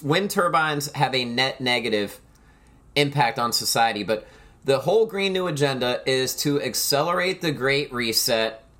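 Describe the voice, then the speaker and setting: A man's voice: medium pitch, expressive, moderate pace, fairly bright tone. A man hosting his own solo podcast, talking in a rambling, emphatic way and often turning to the listeners as "folks". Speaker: podcast host.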